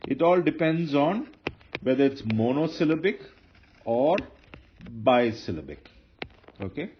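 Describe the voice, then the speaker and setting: A man teaching Hebrew grammar in a patient lecture, often repeating himself and correcting slips. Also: medium pitch. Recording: dull lo-fi lecture recording with faint noise.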